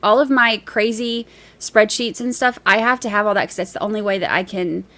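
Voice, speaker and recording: A woman's voice: medium pitch, a little fast, sharp tone. A woman hosting a casual livestream, reading viewer messages aloud and chatting in a rambling, easygoing way with easy laughs.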